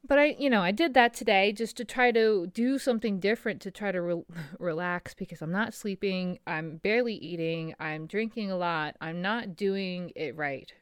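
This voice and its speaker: A woman's voice: medium pitch, moderate pace, smooth, no echo, studio quality. A middle-aged woman speaking candidly and emotionally in a personal vlog, rambling with fillers and laughs. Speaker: small business owner.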